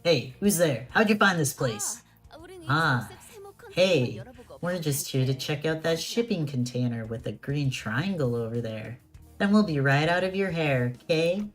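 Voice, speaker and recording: A streamer doing a gruff low pirate guard. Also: expressive, unhurried, soft background music, lightly acted. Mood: wary. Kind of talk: reading game dialogue aloud.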